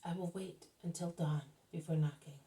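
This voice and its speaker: A woman voicing a gentle, weary grown son who speaks quietly in a spoken book reading. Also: fairly low pitch, steady tone, normal speed, far from the mic, close to an everyday voice, rough recording.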